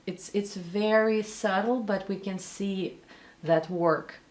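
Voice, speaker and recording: Slow, careful Russian-accented woman teacher. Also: mid-range voice, fairly even intonation, darkish tone. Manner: demonstrates sounds slowly, repeating words and single sounds. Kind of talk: pronunciation lesson commentary.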